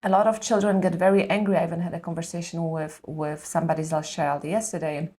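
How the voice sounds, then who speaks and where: A woman's voice: fairly low pitch, little pitch movement, fast talker, dark tone. A woman who is a mother and parenting coach, explaining patiently in conversation and often checking in with "correct?". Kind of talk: advice in conversation.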